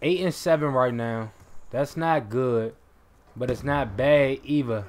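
A young man giving live gameplay commentary in a casual, excitable way, swearing and bursting into shouts. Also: mid-range voice, a little slow. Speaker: gaming commentator.

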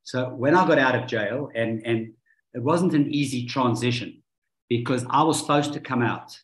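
A man from South Africa answering interview questions in a measured, reflective way over a video call. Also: mid-range voice. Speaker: guest. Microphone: online video call. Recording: echoey room on a video call.

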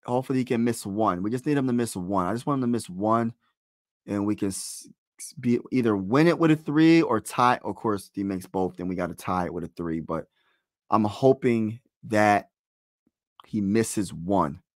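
A young man giving casual fan play-by-play of a basketball game, excitable, pleading and groaning as plays unfold. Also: fairly low pitch, normal speed, no echo, clean studio sound. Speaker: live play-by-play streamer.

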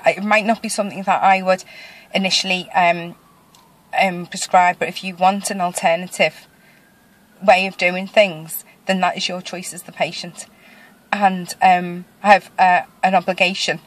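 Chatty woman video diary. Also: low-quality recording. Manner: chatty, many fillers and restarts, retelling a conversation; emotional, voice rising higher toward the end. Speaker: vlogger. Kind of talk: casual personal video diary.

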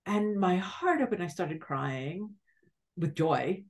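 A middle-aged woman, a podcast guest, telling a spiritual story in a soft, reflective way with many halting restarts. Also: on the low side, lively intonation.

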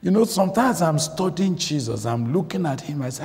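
A man's voice: a little high, sing-song, fairly quick, a little mellow. A man preaching a sermon, emphatic and questioning his listeners, often repeating phrases for weight. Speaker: guest preacher. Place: church. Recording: church recording with long reverb.

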